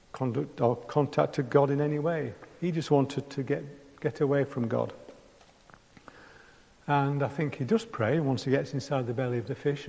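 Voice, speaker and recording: A man's voice: fairly high pitch, vocal fry, darkish tone. A man preaching a conversational sermon, acting out prayers in the first person. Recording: long hall reverb.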